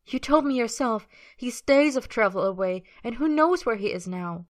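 Figure: firm, worried young female friend, higher voice; a woman reader does her. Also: animated, normal speed, natural voice. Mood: urgent. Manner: urgent, firm.

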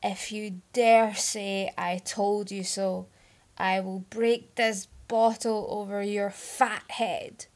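A woman voicing a hurt, furious young man who shouts and spits his words out in a story reading. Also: medium pitch, little pitch movement, fast talker, few pauses, lightly acted. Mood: drunk, belligerent.

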